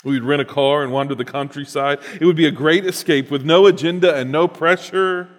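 A man's voice: a little high, fairly even intonation, a little fast, long reverb tail. A man reading a written personal story aloud in an earnest, reflective way, then reflecting on it as host.

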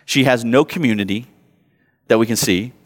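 Man, thirties, pastor, joking conversational sermon, mid-pitched voice, long hall reverb. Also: normal speed. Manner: conversational and self-mocking, rising loud for acted moments. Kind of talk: sermon with personal stories. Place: church sanctuary.

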